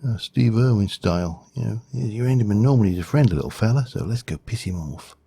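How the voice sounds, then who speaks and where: A man doing a rough Australian-accented impression of an eager wildlife presenter. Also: on the low side, expressive, a little fast, dark tone, no room sound, voice pushed up, heavily acted. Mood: excited. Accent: Australian, attempted.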